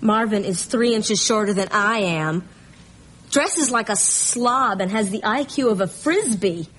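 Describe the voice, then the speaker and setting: A woman's voice: mid-range voice, lively intonation, a little slow, natural voice. An actress playing an awkward teenage girl hunting for a date, with a wry, self-mocking manner. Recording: old sitcom audio with a noisy laugh track.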